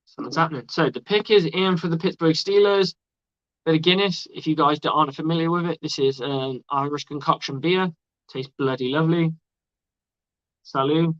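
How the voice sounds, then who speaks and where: A man's voice: fairly high pitch, a little fast, a bit bright, dry recording. Rambling, swearing male streamer, lo-fi. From outside the United States. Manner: rambling and chatty, swears freely. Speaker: livestream host. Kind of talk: casual live sports commentary. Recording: dull lo-fi dry sound.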